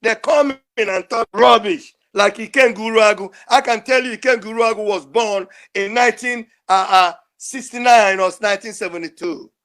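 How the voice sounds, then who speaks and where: A man's voice: high voice, normal speed, few pauses, fairly bright tone. An older man, calling in to a show and speaking in an emotional, pleading, repetitive way. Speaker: caller. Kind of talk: impassioned call-in speech.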